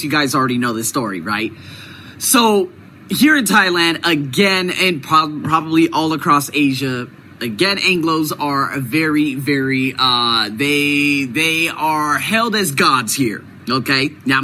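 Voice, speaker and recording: A man's voice: fairly high pitch, bright, forceful tone, slight background noise, low-quality recording. A man hosting his own video series, talking through a casual vlog monologue, emphatic and repeating words for stress. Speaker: video host.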